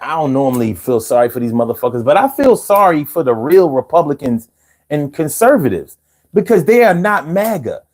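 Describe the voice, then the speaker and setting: A man's voice: fairly high pitch, big pitch swings, a little fast, a little mellow. A man hosting a live stream, ranting casually and with lots of swearing while he talks straight to the viewers in chat. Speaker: livestream host.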